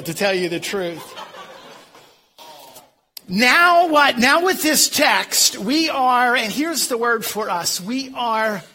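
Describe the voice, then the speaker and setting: Bright-voiced, folksy pastor with a Philadelphia accent. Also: male voice, high voice. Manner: folksy, self-deprecating humor with frequent um and uh. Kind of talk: sermon.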